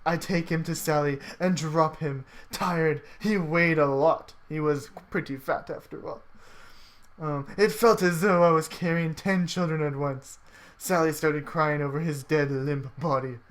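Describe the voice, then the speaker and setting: A casual, loose reader working through a homemade adventure story for friends, at a middle pitch. They swear, joke, and stumble over the writing as they go. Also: steady tone, unhurried. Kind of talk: casual reading aloud of a story among friends.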